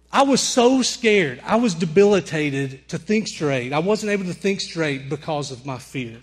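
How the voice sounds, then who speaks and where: A young man with a Southern drawl delivers a sermon in a storyteller's way. His voice sits fairly high, and he acts out every line of the tale with full energy. He turns the story into a lesson for his congregation. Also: a little slow, few pauses, husky. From Alabama. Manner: animated storyteller, acts out screams and dialogue. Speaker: preacher.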